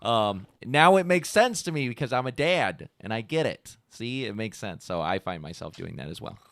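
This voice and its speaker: A man's voice: lowish voice, lively intonation, moderate pace, creaky, a bit bright, dry recording. Podcast host guy, rambly casual chat, dry close mic sound. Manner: rambling, loose, many "like"s and "you know". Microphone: podcast microphone.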